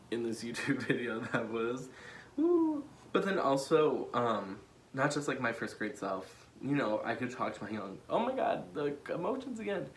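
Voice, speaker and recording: A man's voice: mid-range voice, fairly bright tone. Young american guy vlogging, getting all emotional, laughing, lots of likes and um, bit of background hiss. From United States. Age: young adult. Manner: emotional, laughing and choking up, many fillers. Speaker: vlogger and political candidate. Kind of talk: emotional casual vlog.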